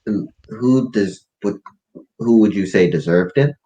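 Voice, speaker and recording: A man's voice: lowish voice, a little slow, dark tone, slightly rough. A man playing in a tabletop game, questioning a character in a dry way. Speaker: player. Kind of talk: casual tabletop play.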